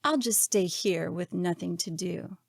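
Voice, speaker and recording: A man's voice: high-pitched, gravelly, dry recording, clean studio sound, full character voice. A woman voicing a bored young rock star. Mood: dejected. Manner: slow, drawn-out, listless. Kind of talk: audiobook character voice.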